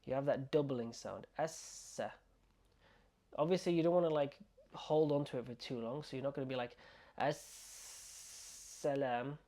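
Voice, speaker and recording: Guy teaching pronunciation, mellow low-key voice, says each word slow a few times so you can copy, keeps asking okay?. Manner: patient, repeats words slowly for learners to copy; reassuring, checks in with "okay?". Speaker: Arabic teacher. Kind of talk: step-by-step pronunciation lesson.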